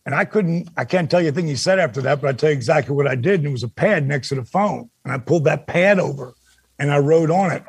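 An older man, a former wrestler, telling stories as a guest on a casual podcast. He is animated and swears freely. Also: fairly high pitch, quick pace, breathy edge, dry recording. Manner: animated, swears freely, acts out quoted dialogue.

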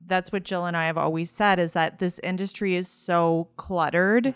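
A woman's voice: fairly low pitch, fairly even intonation, moderate pace, smooth, no room sound, clean studio sound. A woman with a Valley Girl accent, a beauty podcast co-host chatting casually about her work. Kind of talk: casual conversation.

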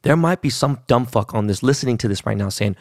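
Socal dude in his 40s hosting a podcast, raspy fry in his voice, swears and rambles about his day. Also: mid-range voice, fast, dry recording, studio quality. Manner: profane, animated, slangy. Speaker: podcast host. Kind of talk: casual storytelling rant.

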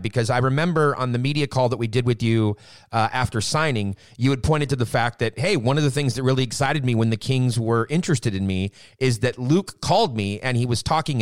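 A man's voice: mid-range voice, dry recording. A man hosting a podcast interview, chatty and self-deprecating, laughing easily. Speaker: podcast host. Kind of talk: casual interview.

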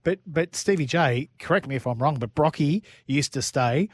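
A man hosting a casual motorsport talk, asking quick questions and laughing often. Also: on the high side, expressive, breathy edge, no room sound. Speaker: host. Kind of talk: casual chat.

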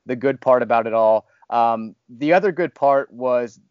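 A man's voice: medium pitch, normal speed, clean tone, no room sound, muffled recording. A man hosting a casual podcast, talking candidly and rambling a little, with self-deprecating humor. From Louisville, Kentucky area. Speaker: podcast host, fired radio host.

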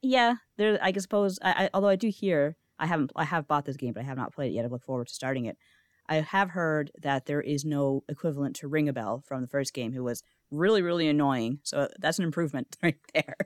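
A woman's voice: sits low, a little fast, dry recording, studio quality. A woman guest on a podcast in casual chat, eager and talkative, telling long anecdotes with stumbles and restarts. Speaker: guest, freelance writer.

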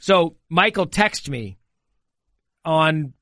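A woman's voice: sits low, lively intonation, very slow, a bit bright, no room sound. A woman co-hosting a podcast in a studio, chatting casually and laughing as she tells a story. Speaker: podcast co-host. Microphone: studio mic.

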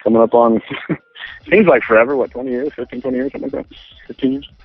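A man's voice: mid-range voice, quick pace, no room sound. A man telling his story as an interview guest, rambling with many restarts and acting out quotes. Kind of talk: casual storytelling. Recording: tinny phone line, faint music.

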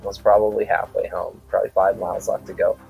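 Low-voiced man telling a rambling story. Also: little pitch movement, fast talker, gravelly, husky, muffled recording, soft background music. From South Dakota. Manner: rambling retelling full of quoted dialogue and repeated "I said". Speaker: podcast guest. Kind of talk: casual storytelling.

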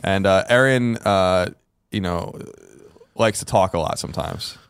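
Low, smooth-voiced man, rambling casually. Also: a little slow, no echo, clean studio sound. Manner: rambling, hesitant, many restarts and fillers. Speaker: podcast co-host. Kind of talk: casual chat.

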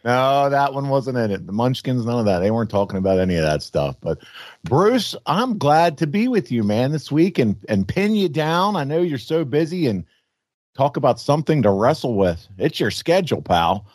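A man hosting a podcast, friendly and chatty, sounding a little hoarse. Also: mid-range voice, sing-song, moderate pace, darkish tone, dry recording, clean studio sound. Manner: friendly, chatty, reads ad copy. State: slightly hoarse. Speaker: podcast host. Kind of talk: casual podcast chat.

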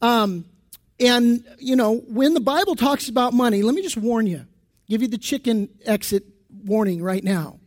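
A man with a very high voice preaches a sermon in a church. He talks conversationally, with restarts and asides to the congregation, as their pastor. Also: moderate pace.

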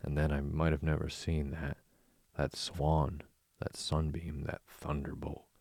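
A man's voice: a bass voice, completely flat delivery, measured pace, creaky, a little mellow, no room sound, clean studio sound, exaggerated voice. A man voicing a dreamy, boastful male toad obsessed with motor cars, murmuring rapturously in a storybook reading. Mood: dreamy rapture.

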